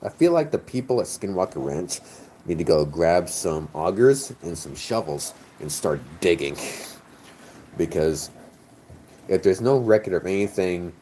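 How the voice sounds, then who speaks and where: A man's voice: deep voice, expressive, unhurried, warm tone, slight background noise. A tipsy man chatting casually on a stream, rambling, joking and swearing, his words slightly slurred. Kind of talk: casual chat.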